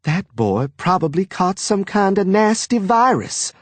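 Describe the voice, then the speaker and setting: A man voicing a bossy, gossiping middle-aged mother, in a sharp, domineering manner. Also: mid-range voice, sing-song, measured pace, no room sound, pitched above the performer's own voice.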